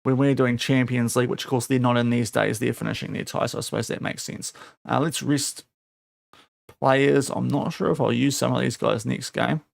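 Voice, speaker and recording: A man's voice: medium pitch, fairly even intonation, moderate pace, creaky, dry recording. A young man streaming a football management game, talking casually and scolding his virtual players in exasperation. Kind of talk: casual live-stream commentary.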